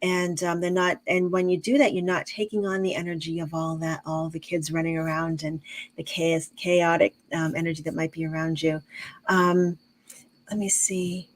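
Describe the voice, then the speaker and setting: Calm middle-aged woman, low-pitched. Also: normal speed, a little hiss or hum, rough recording. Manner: calm, explains with long examples, many fillers and restarts. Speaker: guest, intuitive medium and teacher. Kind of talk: casual interview chat.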